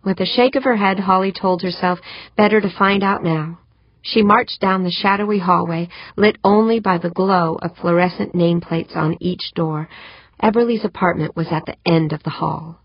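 A woman narrates a novel in a low, husky voice with steady, even pacing. The recording is dry and dull, close to the mic with no room sound. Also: normal speed, no echo. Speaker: audiobook narrator. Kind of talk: scripted narration. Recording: dull muffled audiobook recording.

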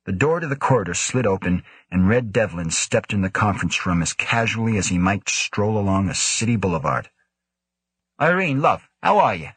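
Deep, husky male audiobook narrator. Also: brisk, hardly any pauses, no echo. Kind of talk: scripted narration.

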